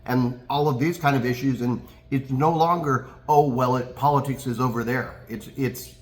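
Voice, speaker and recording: A man co-hosting a casual political chat, speaking in a measured way with fillers and turning sarcastic. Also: mid-range voice, steady tone. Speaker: podcast co-host.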